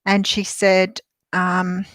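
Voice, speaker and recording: A woman's voice: mid-range voice, completely flat delivery, very slow, a bit bright, no room sound. Chatty older Australian woman, dry sound. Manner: rambling and chatty, with frequent ums and restarts. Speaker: tarot reader and medium hosting a live stream. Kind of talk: casual live-stream chat. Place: a room at home.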